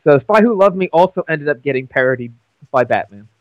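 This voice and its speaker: A man chatting casually, telling stories in an animated way with halting restarts. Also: fairly high pitch, no echo, lo-fi sound. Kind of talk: casual chat.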